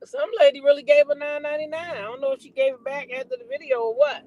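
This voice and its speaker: A woman's voice: high-pitched, very animated, fast, darkish tone, no echo, dull audio. A woman hosting a gossip channel, chatting casually, laughing and repeating punchlines.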